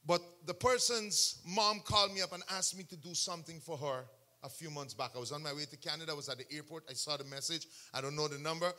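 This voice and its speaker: A man preaching a sermon testimony, telling the story with animation, bursting into shouts and acting out what others said. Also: fairly high pitch, fairly even intonation, fast. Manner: acts out other people's words in quotes.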